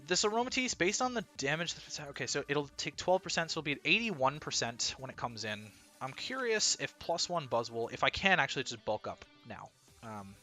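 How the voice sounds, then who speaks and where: A man narrates his own competitive battle in real time, working through each decision aloud. His voice is bright and swings widely in pitch, jumping up in disbelief when something surprises him. Faint music runs quietly underneath. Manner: analytical, thinking aloud, incredulous bursts. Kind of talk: live gameplay commentary.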